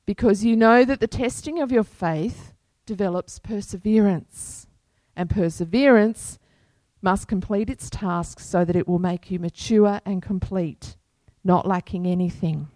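A woman pastor preaching a sermon to her congregation in an unhurried, earnest manner, quoting scripture. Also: medium pitch, mellow, no room sound.

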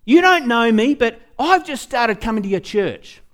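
An Australian man voicing an eager young male churchgoer calling on the phone, pleading in a raised, excited voice while telling a story. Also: very high-pitched, moderate pace, pitched above the performer's own voice, heavily acted.

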